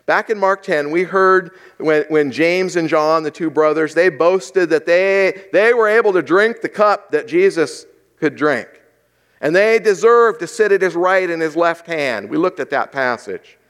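A pastor delivering a sermon in a conversational way, asking the congregation rhetorical questions. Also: male voice, fairly high pitch, unhurried, fairly bright tone, smooth.

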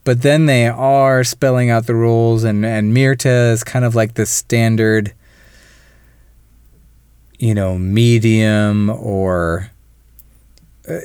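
A man's voice: mid-range voice, smooth, no room sound, clean studio sound. A man co-hosting a podcast, chatting casually about a film and acting out lines from it. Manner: animated, mimics characters in quick asides. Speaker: podcast co-host.

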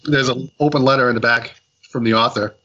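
A man on a casual podcast, retelling a comic's story with lots of ums, restarts and quick acted-out quotes. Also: mid-range voice, steady tone, sharp tone, husky, highs cut off. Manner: rambling retelling with many fillers and restarts. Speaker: podcast co-host reviewing comics.

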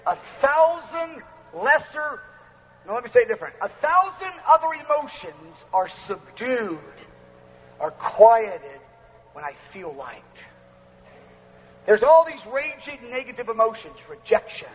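A man preaching a sermon in an exuberant, repetitive style, often shouting, in a large church hall. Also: very high voice, big pitch swings, unhurried. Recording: dull lo-fi recording with long hall reverb.

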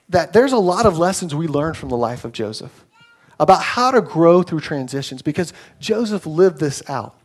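A young adult man, a pastor, preaches a sermon conversationally, telling stories with acted-out quotes. His voice sits on the high side with a darkish tone.

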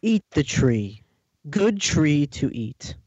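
A man's voice: fairly high pitch, very animated, slow pace, darkish tone, breathy edge, dry recording, dull audio, exaggerated voice. A man voicing a simple-minded male snake who tempts in broken words during a comedic table read. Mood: coaxing. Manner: broken caveman-like speech, insistent.

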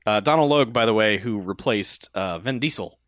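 A man's voice: lowish voice, a little fast, a bit bright, no room sound, studio quality. A man co-hosting a casual podcast, retelling a movie plot with laughs and acted-out quotes. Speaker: podcast co-host. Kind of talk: casual movie recap chat.

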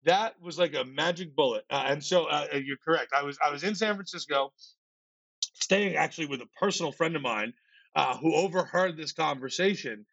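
A man guest on a podcast, telling an animated story in casual speech, acting out other people's lines and tripping over repeated words when excited. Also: a little high, moderate pace, vocal fry, no echo. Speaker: podcast guest, startup founder. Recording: slightly muffled, dry.

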